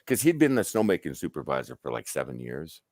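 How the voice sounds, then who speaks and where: Lively, profane male storyteller. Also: extremely low pitch, fast, no room sound. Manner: animated, profane, acts out quoted dialogue. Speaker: guest on a stream. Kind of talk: casual storytelling.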